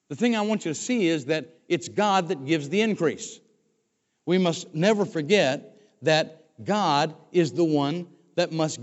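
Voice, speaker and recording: An older man delivers a conversational sermon with a somewhat high voice, often repeating words as he restarts. The recording is dull and lo-fi. His voice carries the long reverb of a church hall. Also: darkish tone. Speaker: former pastor, guest preacher. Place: church sanctuary.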